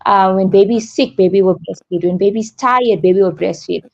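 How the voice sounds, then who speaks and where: A middle-aged woman takes part in a radio interview as a breastfeeding support leader. She comes through a dull, lo-fi line. She explains things earnestly, with simple step-by-step examples, at a middle pitch for a woman. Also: fairly quick, vocal fry.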